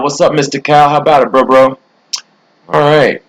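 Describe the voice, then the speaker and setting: A man's voice: a little high, little pitch movement, moderate pace, low-quality recording. A man hosting a casual live stream from a hotel room, rambling through the news with sarcastic asides. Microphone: laptop mic.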